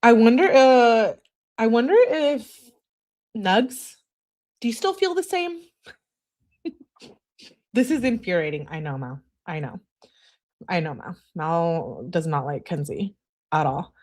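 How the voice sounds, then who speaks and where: A woman hosts a casual true-crime livestream, talking straight to her chat. Her voice sits at an ordinary middle pitch, and her remarks come out sarcastic and exasperated. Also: big pitch swings, takes it slowly, long pauses, a little mellow. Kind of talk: casual live-stream commentary.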